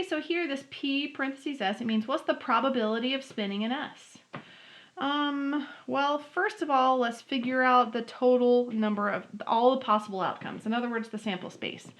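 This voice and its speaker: A woman's voice: fairly high pitch, a bit bright. A woman teaching a math lesson, talking students through each step aloud in a friendly way. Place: home.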